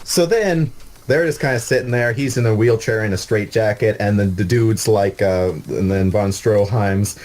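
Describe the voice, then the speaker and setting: A man casually retelling a scene with excitable, profane humor. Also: fairly low pitch, moderate pace. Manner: excitable, swears, animated retelling. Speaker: co-host. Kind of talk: casual comedic storytelling. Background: faint background music.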